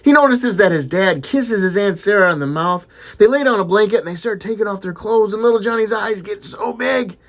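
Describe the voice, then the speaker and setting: A man's voice: fairly quick, few pauses, fairly bright tone. A man telling dirty jokes in a casual way and laughing at his own punchlines. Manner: chuckling, breaks into high laughter. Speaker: comedian.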